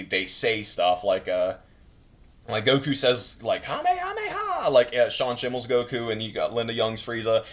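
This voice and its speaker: A man's voice: on the low side, fairly bright tone. A young man rambling casually about his toy collection in his bedroom, with many fillers and restarts and goofy asides, recorded on a camera mic. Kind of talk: casual rambling video tour. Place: home bedroom, indoors.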